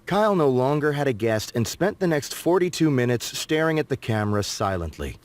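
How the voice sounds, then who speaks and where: A man giving expressive, dryly comic scripted storybook narration for a game. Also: medium pitch, a little fast.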